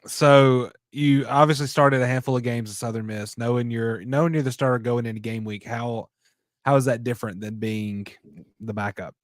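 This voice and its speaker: A man co-hosting a podcast who asks a measured question with short pauses in a casual way. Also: mid-range voice, fairly even intonation, dry recording, studio quality. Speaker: podcast co-host. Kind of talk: casual interview.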